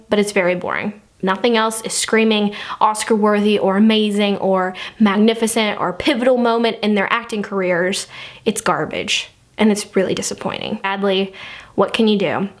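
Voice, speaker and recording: A young woman giving a rambling, exasperated movie review in a casual vlog, full of fillers. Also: mid-range voice.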